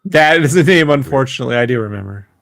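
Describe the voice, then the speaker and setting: A man's voice: mid-range voice, animated, fast, creaky, a bit bright, dry recording, studio quality. A man co-hosting a podcast, chatting casually, joking and swearing, laughing often. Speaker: podcast co-host. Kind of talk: casual chat.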